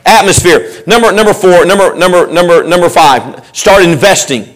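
A man preaching a sermon in church, animated, acting out quoted voices and joking with the congregation. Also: sits high, moderate pace. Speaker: pastor. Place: church sanctuary.

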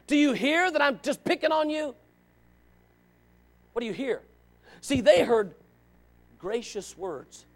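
A man in his forties preaching a sermon in church, animated and questioning, swinging from loud to quiet. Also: very high-pitched, slow, pauses often. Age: 40s.

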